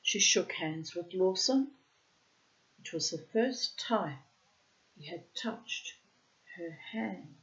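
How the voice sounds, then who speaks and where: A woman reading a short story aloud in a measured storytelling manner. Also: on the low side, lively intonation, a bit bright, dull audio. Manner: measured, unhurried storytelling with quoted dialogue. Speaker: reader. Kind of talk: audiobook narration of a short story.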